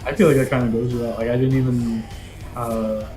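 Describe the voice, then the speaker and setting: Give me a young man in casual chat, hedging and rambling, medium pitch, with faint music behind. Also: level tone, fairly quick.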